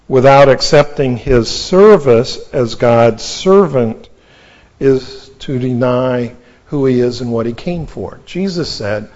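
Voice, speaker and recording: A man teaching a Bible lesson in a sermon, quoting scripture slowly and deliberately. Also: medium pitch, darkish tone, lo-fi sound.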